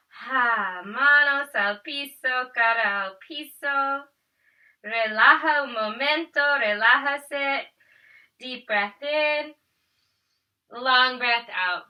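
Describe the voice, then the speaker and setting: A woman teaching a family yoga class. She gently guides each pose step by step and counts the breaths. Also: sits high, slow, distant mic, low-quality recording. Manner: calm step-by-step guiding, counting breaths, switching between English and Spanish. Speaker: yoga instructor.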